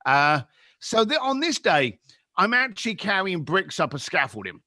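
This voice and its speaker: A London-accented Englishman in his fifties, guesting on a podcast, tells a story with great animation and slips into other people's voices. His bright voice swings widely in pitch at a normal speed. The recording is dry, close and echo-free.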